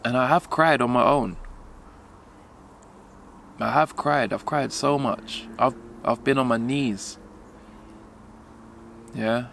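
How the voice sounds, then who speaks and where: A young man vlogging while walking outdoors, speaking haltingly as he holds back tears, with many pauses and fillers. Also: medium pitch, creaky, fairly bright tone, a little hiss or hum. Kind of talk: emotional personal vlog.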